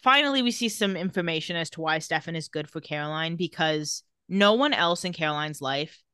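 Bright animated woman podcast host. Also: low voice, clear, resonant tone, dry recording, studio quality. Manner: animated, laughs often, quotes characters in quick voices. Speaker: podcast co-host recapping a TV episode. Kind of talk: casual chat, retelling scenes.

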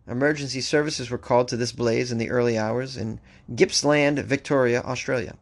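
A man's voice: mid-range voice, steady tone, moderate pace, vocal fry, hardly any pauses. A man hosting a comedic news show, reading odd stories aloud and breaking off into wry, joking asides. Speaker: podcast host.

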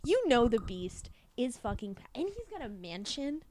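A woman's voice: fairly high pitch, big pitch swings, moderate pace, a little mellow. A young woman co-hosting a podcast, chatting casually in a brash, bawdy way and swearing freely. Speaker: podcast co-host. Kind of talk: casual chat.

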